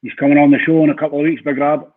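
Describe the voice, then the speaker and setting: A man hosting a podcast, chatting casually and cheering on his guest with quick replies. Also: a little high, level tone. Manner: brief encouraging replies, chatty. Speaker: podcast host. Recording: tinny phone-like line.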